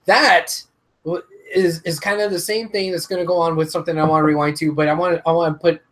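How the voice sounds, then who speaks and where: A man's voice: on the high side, fairly quick. A man co-hosting a casual wrestling talk show, ranting with lots of swearing. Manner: animated, ranting, swears a lot. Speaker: podcast co-host.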